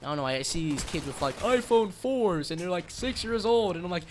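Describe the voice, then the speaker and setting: A man hosting his own channel, rambling through dark jokes and cutting himself off mid-sentence. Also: sits high, lively intonation, brisk, a little hiss or hum. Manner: rambling, dark-joking, self-interrupting. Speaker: channel host. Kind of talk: joking rambling vlog.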